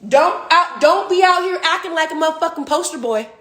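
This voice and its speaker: A woman's voice: very high-pitched, animated, fairly quick, fairly bright tone. A woman in her twenties, a professional athlete, ranting emphatically and profanely on a phone livestream. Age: 20s. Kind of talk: livestream rant.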